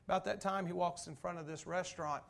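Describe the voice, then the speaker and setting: High-voiced folksy preacher man. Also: steady tone, fast, creaky, fairly bright tone. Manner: folksy joke-telling and emphatic preaching. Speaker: pastor. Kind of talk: sermon.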